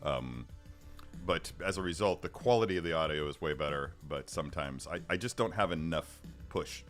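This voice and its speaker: A man's voice: extremely low pitch, moderate pace, fairly bright tone. A middle-aged man hosting a casual livestream, rambling with many restarts and little chuckles while reading the chat. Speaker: livestream host. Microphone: studio microphone. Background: faint background music.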